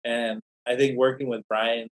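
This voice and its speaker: A man's voice: medium pitch, level tone, normal speed, rough recording. Scholar guest, male, mid-range voice; chatty, meandering anecdotes with false starts. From Native American community. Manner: rambling, anecdotal, many restarts. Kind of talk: podcast interview storytelling.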